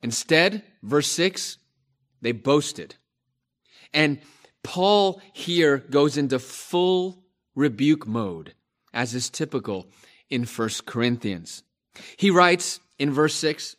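Guy preaching a sermon, kinda high voice, takes his time, hammers phrases over and over. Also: lively intonation, a bit bright. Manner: slow and emphatic, repeating phrases for stress. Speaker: pastor.

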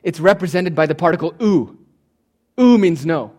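A man's voice: a little high, animated, moderate pace, darkish tone. A man preaching a sermon, teaching from Greek words with emphatic, swinging delivery and touches of humor. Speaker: pastor.

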